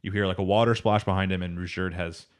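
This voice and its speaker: Man, very low voice, casual podcast co-host, rambling recap. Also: fairly even intonation, fast talker, clear, resonant tone. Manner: rambling recap, quoting characters in his own voice. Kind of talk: casual chat.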